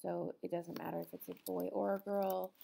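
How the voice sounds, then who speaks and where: Patient woman teacher with a dark, gravelly voice. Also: fairly low pitch, flat delivery, normal speed, slight background noise. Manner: patient, explanatory, with frequent ums. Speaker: Spanish teacher. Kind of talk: recorded classroom lesson.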